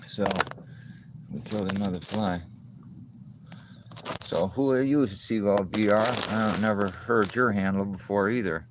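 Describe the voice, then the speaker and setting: A man's voice: lowish voice, expressive, slow pace, pauses often, noisy background. A man hosting a casual livestream outdoors, rambling and cursing as he answers chat comments. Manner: rambling, profane, talks back to chat comments. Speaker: livestream host reading chat. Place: outdoors among insects.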